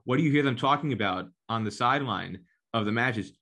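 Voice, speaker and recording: A man's voice: medium pitch, a little fast, sharp tone. A man from New Jersey in casual conversation, talking at length and acting out quoted critics in a raised, mocking voice. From New Jersey, United States.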